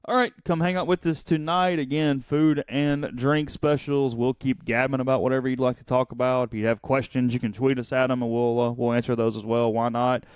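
A man's voice: mid-range voice, a little fast, few pauses, smooth, no echo. Chatty man telling a story. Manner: animated storyteller, chuckling. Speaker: sports podcast host. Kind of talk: casual sports talk.

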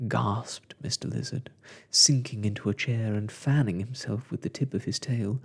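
A man reading a children's storybook in a soft-spoken ASMR style, slow and hushed. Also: mid-range voice, creaky, slightly rough.

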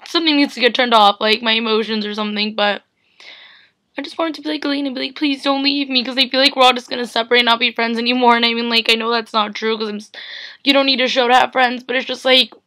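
Tearful young woman vlogging, bright voice. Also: a little high, steady tone, fast. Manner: tearful, rambling, full of "like" fillers. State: teary, on the verge of crying. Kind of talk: emotional casual vlog.

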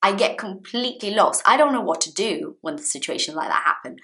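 Brief: bright, animated woman teacher, storytelling to camera, repeats key phrases. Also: mid-range voice, a little fast. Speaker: English teacher.

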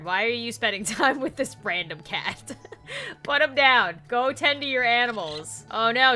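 A young woman giving giggly, excitable let's-play commentary, talking to the animals in her game. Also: fairly high pitch. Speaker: gaming YouTuber.

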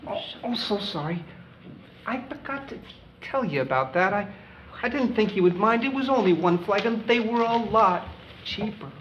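A woman acting out a timid, stammering husband, apologetic, with a lively, sing-song voice on a slightly dull recording. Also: medium pitch, normal speed, a little hiss or hum, close to an everyday voice. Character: meek, apologetic husband Jim.

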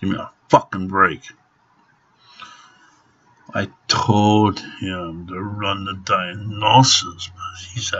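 Man, middle-aged, profane ranting, husky voice, slow drawl, dull lo-fi sound. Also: sits low, flat delivery, fairly bright tone. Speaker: vlogger. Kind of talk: angry rant to camera. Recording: dull lo-fi home recording.

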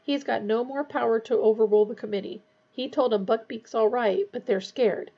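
Woman voicing a huge grieving gamekeeper, husky, halting, shaky, dull lo-fi sound. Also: a little high, fairly even intonation. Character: large gruff grieving gamekeeper man.

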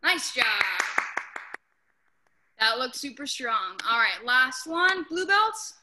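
A woman martial arts instructor coaching a class through drills. She calls out short commands and shouts sharp yells in her demonstrations. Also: high-pitched, very animated, takes it slowly, heavy background noise. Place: indoor training hall. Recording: roomy echoey hall.

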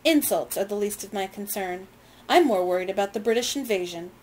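A woman reading aloud, voicing a defiant male merchant who answers with smooth, scornful evasion. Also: medium pitch, lively intonation, a little fast, darkish tone, lightly acted, rough recording.

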